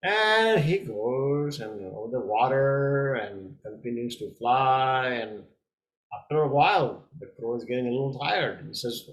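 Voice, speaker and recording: A man, a tai chi coach, telling a parable in a gentle storytelling way, with small hesitations. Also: mid-range voice, expressive, a little slow.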